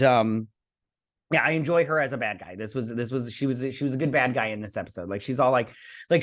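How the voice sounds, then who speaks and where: A male show host gives a casual, rambling spoken review of a TV episode, swearing now and then and briefly mimicking characters. His voice is medium-pitched and fairly bright.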